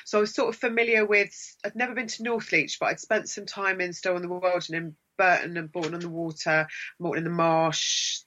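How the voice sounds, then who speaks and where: A woman's voice: on the low side, steady tone, a little fast, fairly bright tone, dull audio, slight background noise. A woman from Sussex, an actress guest chatting enthusiastically in an interview, rambling with restarts. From Sussex, England. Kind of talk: casual interview chat.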